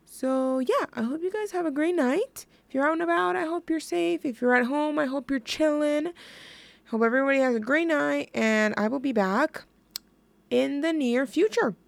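A woman's voice: sits high, normal speed, creaky, no echo. A young woman hosting a music radio show, chatting casually in a giggly, rambling way that keeps interrupting itself. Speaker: radio host. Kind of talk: casual chat.

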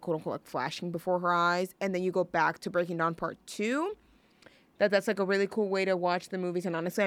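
A woman's voice: fairly low pitch, a bit bright, clear, resonant tone, no echo. A young woman hosting a college radio show, chatting on her own in a rambling, gushing way full of fillers and restarts. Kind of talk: casual solo radio chat.

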